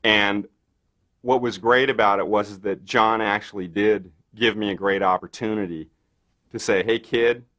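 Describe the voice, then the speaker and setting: Recalling his film work in an interview, a man with a low voice tells lively anecdotes at normal speed. He acts out quoted dialogue with animation and frequently says "you know."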